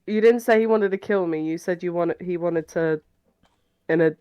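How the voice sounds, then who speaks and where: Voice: mid-range voice, moderate pace, darkish tone, clear, resonant tone, lo-fi sound. A player in a tabletop game over a call, talking hesitantly and restarting sentences. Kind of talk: casual tabletop game chat.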